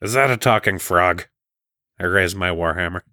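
A man playing a tabletop game who talks bluntly and deadpan. His voice is low but bright and forceful. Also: moderate pace, no echo, studio quality. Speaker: player. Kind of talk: casual tabletop game play.

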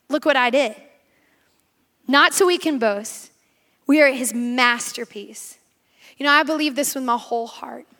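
A woman preaching a sermon, telling stories in quick, animated bursts. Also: sits high. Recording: reverberant hall.

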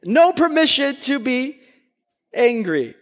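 High-voiced man preaching in echoing hall. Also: sing-song, takes it slowly. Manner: earnest and emphatic, rising to near-shouts on key points. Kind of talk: sermon. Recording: long hall reverb.

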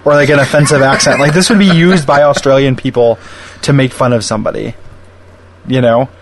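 A man's voice: mid-range voice, steady tone, background noise. Wry man in casual podcast chat. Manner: wry, quick asides with put-on character voices. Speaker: podcast co-host. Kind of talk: casual chat reviewing a cartoon.

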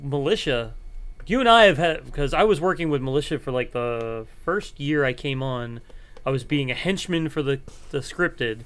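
Guy cohosting a podcast, middle pitch, trips over his words a lot, laughs a bunch. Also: lively intonation, normal speed, a bit bright, clean tone. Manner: stammering, restarts, laughs often. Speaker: podcast co-host. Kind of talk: casual podcast chat.

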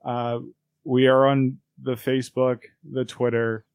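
A man's voice: mid-range voice, level tone, unhurried, a little mellow, clear, resonant tone. A man co-hosting a podcast in a loose, rambling way, with lots of fillers. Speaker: podcast co-host. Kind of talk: casual chat.

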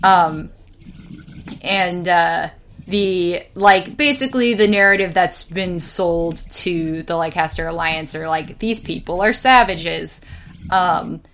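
A young woman talking casually, full of fillers, swearing freely and telling stories with lively energy. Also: lowish voice, slow pace, a little hiss or hum. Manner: rambling, filler-heavy, swears freely, animated storyteller. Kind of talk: casual chat.

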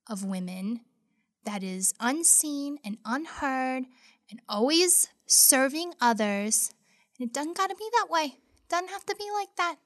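A woman in her thirties presenting a casual podcast segment, chatty and enthusiastic with bursts of excitement. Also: on the high side, no echo, clean studio sound. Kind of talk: casual monologue.

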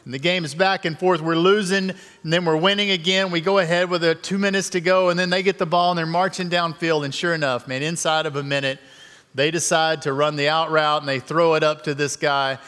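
Middle-aged man, guest preacher, easygoing storytelling, slightly high voice, long church reverb. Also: steady tone, a little fast, fairly bright tone, smooth. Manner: conversational, self-deprecating storyteller. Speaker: guest speaker. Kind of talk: sermon storytelling. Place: church sanctuary.

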